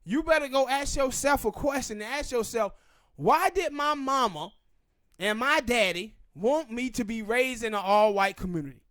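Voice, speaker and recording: A man's voice: very high-pitched, expressive, a bit bright, no room sound, clean studio sound. A man with a Southern US accent, hosting a podcast and giving emphatic, opinionated commentary. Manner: emphatic, ranting, drawn-out pauses. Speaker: podcast host.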